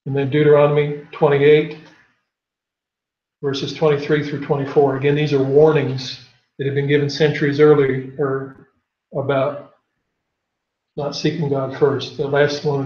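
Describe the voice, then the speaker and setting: A man's voice: medium pitch, little pitch movement, normal speed. A man teaching a Bible class, reading scripture aloud and putting questions to his students. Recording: echoey lo-fi room recording.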